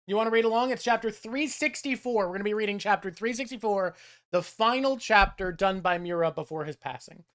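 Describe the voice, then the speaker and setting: A man's voice: high voice, fairly quick, a bit bright. A man hosting a casual chat with his mother, rambling and self-deprecating. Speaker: host.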